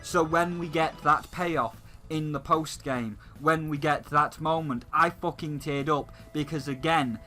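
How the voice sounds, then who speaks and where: A man's voice: a little high, fairly even intonation, a little slow, few pauses, bright, forceful tone, soft background music, rough recording. A man hosting a gaming channel, delivering a heated, profanity-laced rant that hammers the same points again and again. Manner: heated, swearing, repetitive ranting. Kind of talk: profane video game rant.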